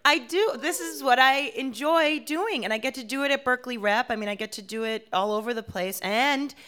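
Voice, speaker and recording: A woman's voice: high voice, smooth. A woman from Washington, D.C., a performer and playwright, talking animatedly with frequent laughs in an interview. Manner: animated, laughs often, quick asides. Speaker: guest, solo performer and playwright. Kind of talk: interview conversation.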